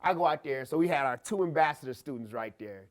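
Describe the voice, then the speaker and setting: Animated storytelling man. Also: quick pace. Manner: animated storyteller, acts out dialogue with big pitch jumps. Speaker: teacher and podcast guest. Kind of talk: storytelling in a podcast interview.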